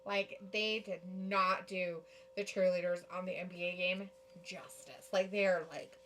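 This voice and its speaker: A woman's voice: on the low side, flat delivery, measured pace, a bit bright, a little hiss or hum. A woman co-hosting a casual live watch-along of a wrestling show, reacting, laughing and reading chat comments aloud.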